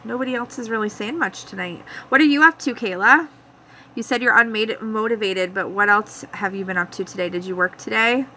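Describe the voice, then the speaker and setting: A young Canadian woman with a bright, forward voice chats loosely with her live viewers, calling out their names between stray thoughts. She speaks with an easy Canadian accent at a middling pitch, and a faint hum of noise sits under her voice. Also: a little fast, low-quality recording. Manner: rambling, chatty, talks to viewers by name. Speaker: vlogger hosting a live chat. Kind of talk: casual live-stream chat. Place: home.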